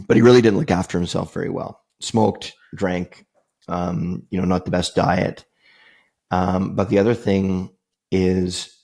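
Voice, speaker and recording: A man's voice: low-pitched, vocal fry, warm tone, husky. A man from Canada hosting a podcast, telling reflective personal stories in an earnest, conversational way and repeating key phrases for emphasis. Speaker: podcast host.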